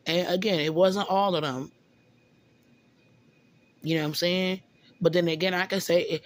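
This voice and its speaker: A woman venting in a casual monologue, rambling and often stumbling over repeated words. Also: lowish voice. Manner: rambling, repeats words, often says "you know what I'm saying".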